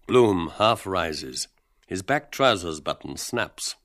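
Narrator: a man with a very low voice, measured, reading stage directions. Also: expressive, a bit bright, no room sound, studio quality.

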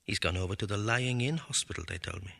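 A man's voice: fairly low pitch, fast talker, creaky, fairly bright tone, no echo, clean studio sound. An actor voicing a middle-aged man's inner monologue in clipped, murmured fragments of thought. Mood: musing. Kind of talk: audio drama inner monologue.

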